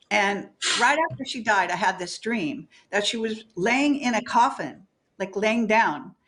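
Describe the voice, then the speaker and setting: A woman's voice: medium pitch, a bit bright. A woman guest in a candid spiritual interview, talking emphatically, swearing freely and laughing often.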